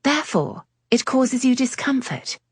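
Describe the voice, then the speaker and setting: A woman's voice: high voice, big pitch swings, a little slow, slightly rough, no echo, clean studio sound, pitched above the performer's own voice, exaggerated voice. A woman voicing a wry, teasing young woman in an audiobook, speaking in a silken, mocking tone. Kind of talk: audiobook character reading.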